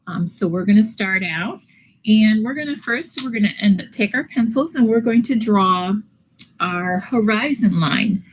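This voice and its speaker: A woman's voice: medium pitch, a little slow, slight background noise, rough recording. A woman art teacher giving a live online drawing lesson, talking through each step patiently with frequent fillers.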